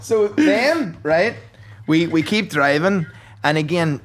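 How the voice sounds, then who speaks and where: A man's voice: a little high, sing-song, slow. A man, a podcast host telling a rambling anecdote in casual chat, full of swearing and impressions.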